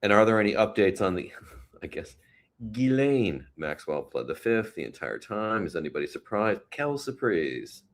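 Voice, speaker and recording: A man hosting a casual live stream from his home in New York City, chatting about the weather and reading viewer comments aloud with gentle, consoling words. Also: on the low side, animated, moderate pace. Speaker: host.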